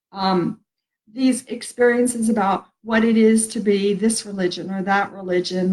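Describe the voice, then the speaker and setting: A middle-aged woman with a fairly high voice hosts a casual spiritual live stream, rambling about love and connection and laughing at herself. The recording quality is low.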